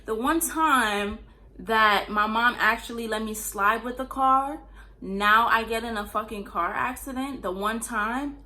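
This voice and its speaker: A woman's voice: on the high side, measured pace, pushed and bright. A young woman from Queens, telling a rambling, profane storytime in casual slang. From Queens, New York. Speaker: storyteller vlogger.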